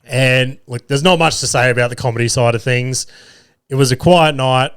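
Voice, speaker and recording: A man's voice: medium pitch, fairly even intonation, normal speed, a bit bright, smooth. A young man hosting a podcast, telling a long funny story with lots of swearing and laughter. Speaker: podcast host. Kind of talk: casual storytelling.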